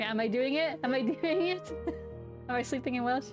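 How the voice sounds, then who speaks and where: Bubbly woman streamer, higher voice. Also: normal speed. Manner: bubbly, chatty, giggly. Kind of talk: casual chat with viewers. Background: background music.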